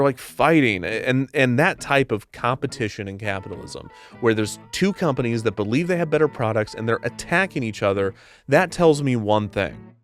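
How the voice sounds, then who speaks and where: A man hosting a comedic commentary show, ranting in an exasperated, sarcastic way. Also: mid-range voice.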